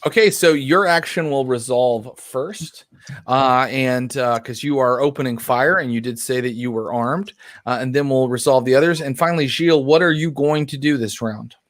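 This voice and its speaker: A man running a tabletop roleplaying game as storyteller, calling for dice rolls and narrating outcomes. His voice sits at an ordinary pitch and the recording is dry and close. He speaks in a relaxed way with plenty of fillers. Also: moderate pace, dry recording. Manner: relaxed, many ums and uhs.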